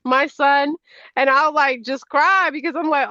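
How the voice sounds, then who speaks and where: A woman, a tarot deck creator, chatting casually as a guest in an animated, rambling way over a video call. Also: dry recording. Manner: animated, rambling, quick pitch jumps. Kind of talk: casual chat. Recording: dull, dry lo-fi audio.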